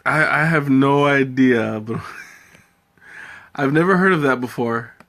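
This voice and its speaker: A man's voice: mid-range voice, slow, fairly bright tone. A man hosting a live tea tasting, chatting casually with viewers, laughing often and thinking aloud. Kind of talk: casual live-stream chat, answering viewer comments.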